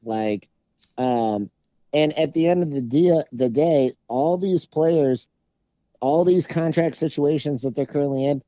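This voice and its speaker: Mellow-voiced sports podcast guy, lo-fi. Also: fairly high pitch, unhurried, no room sound. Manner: laid-back, laughs often. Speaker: podcast co-host. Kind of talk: casual sports chat. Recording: dull lo-fi mic.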